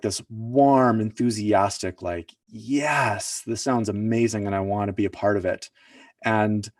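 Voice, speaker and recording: A man's voice: lowish voice, darkish tone, no room sound, clean studio sound, recorded from a distance. A man, the founder of a project, telling a personal story in an earnest, reflective way, often searching for words. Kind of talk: personal storytelling at an online summit.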